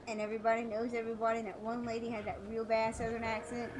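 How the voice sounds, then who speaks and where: Woman streamer rambling while she games, kinda high voice, lots of um and uh. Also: little pitch movement, fast talker, music in the background, poor audio. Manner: rambling, many fillers and restarts. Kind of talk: casual chat while gaming.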